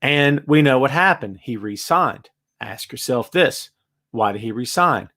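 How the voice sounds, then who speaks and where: A man hosts a casual live-stream chat and reads viewer comments aloud. His voice swings widely in pitch and loudness, and he hits his points hard in a conversational way. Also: animated, unhurried. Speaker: host.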